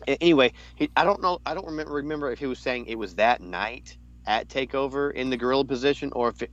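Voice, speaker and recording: A man chatting casually about wrestling on a podcast, rambling and circling back on himself. His voice sits in a middle pitch, and the recording is a little dull and lo-fi. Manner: rambling, restarts often, jumps into high voice to quote. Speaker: podcast co-host.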